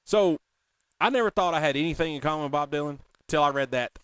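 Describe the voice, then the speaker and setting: Animated man in casual chat. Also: fairly high pitch, quick pace, clean tone, no echo. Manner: animated, quotes movie lines in a drawl. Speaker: podcast co-host.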